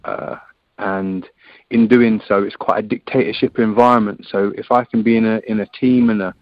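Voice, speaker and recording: On a call line, the English rugby player guests in a casual chat, laid-back and often saying "man." He talks at a moderate pace in a fairly low, steady voice. The recording is dry and dull.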